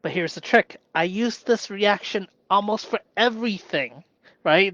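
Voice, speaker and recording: A man in a reflective solo live stream who thinks aloud with pauses and restarts, then breaks into bursts of excited cheering. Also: sits high, no echo, highs cut off. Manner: slow and musing, with sudden bursts of excited cheering.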